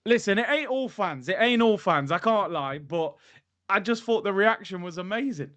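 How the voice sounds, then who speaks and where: Casting: high, animated male football streamer, dry close mic, ranting and excitable. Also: normal speed, dry recording. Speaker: football YouTuber, stream host. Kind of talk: casual live-stream football commentary.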